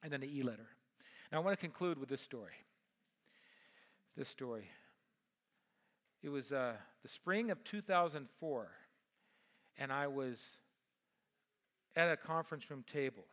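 Bright-voiced middle-aged male pastor preaching. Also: mid-range voice, unhurried, pauses often. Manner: animated storytelling, swings between loud and hushed. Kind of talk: sermon with personal story.

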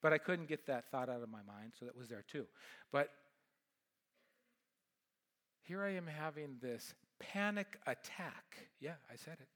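Bright-voiced middle-aged male pastor preaching. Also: on the high side, a little slow, pauses often. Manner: animated storytelling, swings between loud and hushed. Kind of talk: sermon with personal story.

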